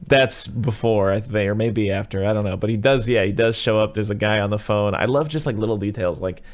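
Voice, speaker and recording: A man's voice: lowish voice, a little fast. A man hosting a podcast, rambling through movie recaps with lots of fillers in casual chat. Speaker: podcast host.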